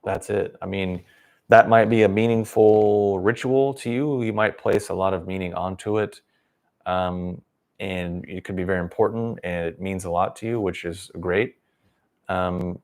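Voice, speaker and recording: A man's voice: deep voice, fairly even intonation, unhurried, gravelly, a little mellow. A man hosting a livestream, giving a rambling, sarcastic opinion monologue. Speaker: livestream host.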